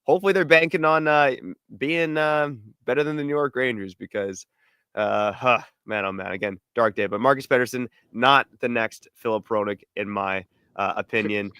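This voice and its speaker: A man co-hosting a podcast, explaining things in a measured way. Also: medium pitch, steady tone, bright, forceful tone, clear, resonant tone, dry recording, clean studio sound. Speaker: podcast co-host. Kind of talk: casual podcast analysis.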